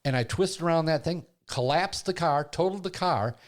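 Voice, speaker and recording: This older male podcast host talks at normal speed in a voice on the high side. Relaxed and lively, he relates something from his life, acting out his own earlier voices and those of others.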